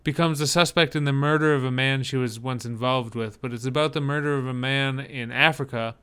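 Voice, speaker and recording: A man co-hosts a casual chat in a bright, forward voice. His talk wanders and hesitates, with a dry sense of humor. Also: medium pitch, steady tone, a little fast, clear, resonant tone. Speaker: podcast co-host. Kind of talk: casual chat reacting to movie trailers.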